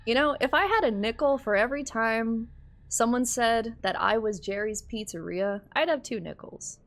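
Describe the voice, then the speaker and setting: A woman's voice: a little high, moderate pace, a bit bright. A woman streaming a game, reacting with laughter and swearing as she talks to chat. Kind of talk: casual game commentary.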